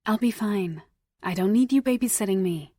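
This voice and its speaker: A woman narrator voicing a free-spirited young witch in an audiobook, talking quick and indignant. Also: mid-range voice, dark tone, dry recording, lightly acted. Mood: flustered.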